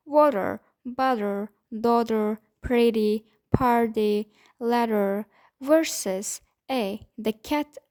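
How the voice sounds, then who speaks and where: A woman, not a native English speaker, narrating a pronunciation lesson and slowing down to demonstrate example words. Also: a little high, a little mellow. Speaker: accent teacher.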